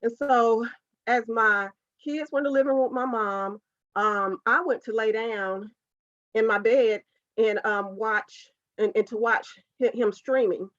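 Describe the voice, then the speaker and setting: A woman's voice: fairly high pitch, steady tone, a little slow, a bit bright, dry recording. A woman, a podcast guest telling a personal story as a heartfelt, earnest faith testimony. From United States, South Carolina. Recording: dull, dry lo-fi podcast audio.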